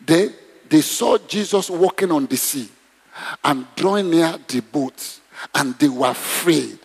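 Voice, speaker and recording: A man preaching a sermon, animated and exclamatory, leading the congregation in prayer. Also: on the high side, measured pace, breathy edge. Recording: long reverb in a hall.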